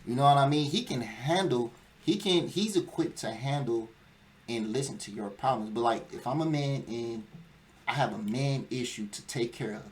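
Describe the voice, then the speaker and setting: A man's voice: mid-range voice, normal speed. A young man in a casual talk show, making his case with emphasis and a lecturing push. His voice sits in an ordinary middle range. A faint hiss of background noise runs under the recording. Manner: emphatic, lecturing, acts out quoted whining. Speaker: podcast host. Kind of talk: casual chat.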